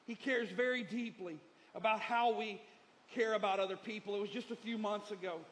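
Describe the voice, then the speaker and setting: A man's voice: high voice, steady tone, brisk, a bit bright. A middle-aged male pastor preaching a sermon, emphatic and repetitive, moving between lessons and personal stories.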